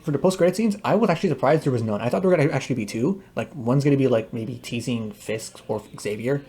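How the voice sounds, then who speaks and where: A young man giving a casual, emotional movie review, gushing excitedly and tearing up as he talks. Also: mid-range voice, breathy edge. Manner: excited, gushing, tearful, says bro. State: crying.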